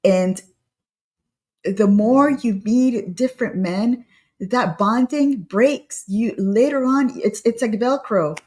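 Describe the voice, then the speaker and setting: A woman's voice: on the high side, slow, warm tone. A woman co-hosting a casual etiquette chat, giving earnest, direct advice and urging her listeners. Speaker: co-host.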